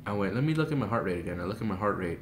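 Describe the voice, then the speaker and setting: A young man telling a storytime vlog in a rambling, excitable way, jumping into loud shrieks as he acts out what he said. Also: fairly low pitch, racing. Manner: breathless, swings into loud shrieks when reenacting. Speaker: vlogger. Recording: echoey room with faint noise.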